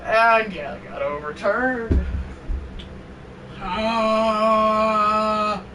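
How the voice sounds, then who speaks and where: Excitable high-voiced man streaming. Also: takes it slowly, a crowd in the background. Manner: excitable, bursts into shouted exclamations. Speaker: live streamer commentating a football video game. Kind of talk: casual live-stream commentary. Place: indoors, on the floor next to a fan. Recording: distant mic with fan noise.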